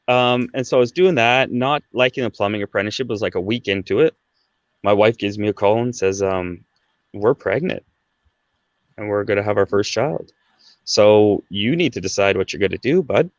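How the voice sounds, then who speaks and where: A man's voice: lowish voice, normal speed, dry recording. Man, thirties, casual storyteller, lots of "right?" and "like", muffled lo-fi audio. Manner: conversational, fillers like "right?" and "like". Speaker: podcast guest.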